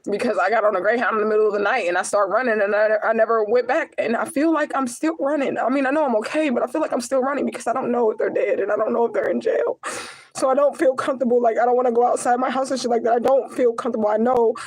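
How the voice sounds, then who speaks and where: Pleading with her viewers in a personal vlog, a young woman speaks quickly in a slightly high voice with a steady tone, though she is on the verge of tears. She is raw and profane, repeating the same phrases over and over, and the audio quality is poor.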